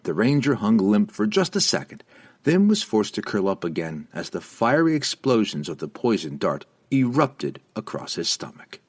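Deep-voiced, dramatic male narrator. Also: normal speed. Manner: dramatic, expressive reading. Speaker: audiobook narrator. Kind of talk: scripted fantasy audiobook narration.

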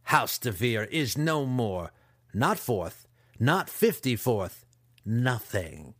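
A man voicing a cruel, disfigured male dark elf wizard in an audiobook, growling and drawing out his words in snarls. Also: mid-range voice, big pitch swings, no room sound, studio quality, full character voice. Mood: gloating. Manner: growling, roaring, drawn-out snarls. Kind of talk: audiobook character voice.

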